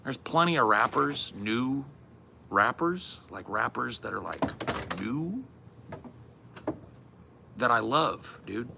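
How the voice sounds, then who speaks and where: A man's voice: mid-range voice, lively intonation, slow, vocal fry, long pauses, background noise. A man co-hosting a podcast, rambling through a profane, exasperated comedic rant. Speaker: podcast co-host.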